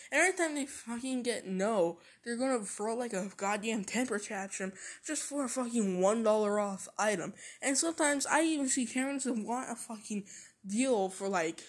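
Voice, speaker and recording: A woman's voice: a little high, animated, moderate pace. A woman vlogging in a casual rant, swearing constantly and repeating herself.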